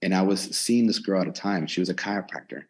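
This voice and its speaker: A man's voice: low voice, quick pace, slightly rough. A man in his twenties, a personal trainer, candidly telling his story in a casual podcast interview, recorded in his gym. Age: 20s. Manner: candid, energetic, lively retelling with inner dialogue. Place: his own gym in a converted storage unit.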